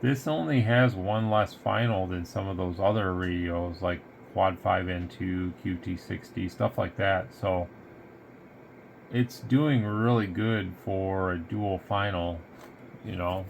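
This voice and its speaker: A tired radio seller drifts through a casual demo of the gear, yawning as he goes in an easygoing ramble. He speaks slowly in a low voice with vocal fry, over slight background noise.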